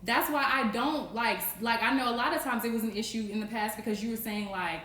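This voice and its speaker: A woman's voice: on the high side, fairly quick, a bit bright. A woman co-hosting a casual podcast conversation, talking frankly and emphatically, often restarting her sentences. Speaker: co-parenting podcast co-host. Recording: roomy echo.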